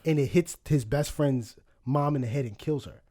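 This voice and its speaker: Here the thirtysomething co-host's voice is mid-range and warm, moving at a normal speed. He's chatting casually on the podcast, spinning rambling tales packed with laughter and curse words.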